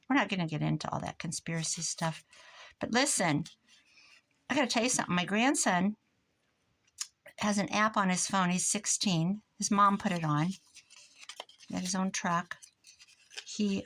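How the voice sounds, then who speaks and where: A woman's voice: fairly low pitch, a bit bright. An older woman, a grandmother, chatting casually in her craft room, rambling from one story to the next as she works on pages. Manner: rambling, chatty, jumps between stories. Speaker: crafting vlogger. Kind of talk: casual chat while crafting. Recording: noisy home recording.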